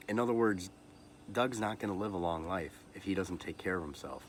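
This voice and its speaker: Deep voiced guy in his 30s hosting a podcast, emotional, keeps restarting his sentences, faint hiss behind. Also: fairly even intonation. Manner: halting, repeats words and restarts often; earnest and emotional, motivational asides. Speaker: podcast host. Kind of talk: personal heartfelt monologue.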